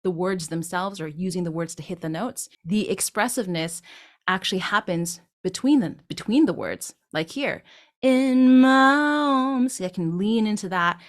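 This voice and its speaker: A woman's voice: lowish voice, normal speed. A woman vocal coach teaching a singing tutorial, explaining patiently, tagging her points with questions, and breaking into short sung demonstrations.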